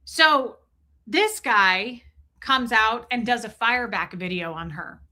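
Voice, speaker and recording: This livestream host reads her chat aloud with a fairly high voice, lively intonation, and a sharp tone, taking it slowly. She's a middle-aged woman from Nebraska who grew up near Kansas City, keeping the talk casual.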